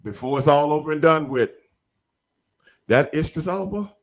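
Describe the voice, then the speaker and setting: A man's voice: on the high side, animated, normal speed, creaky. A man hosting a podcast in casual interview chat, talking in an emphatic, repetitive, slangy way. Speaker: podcast host.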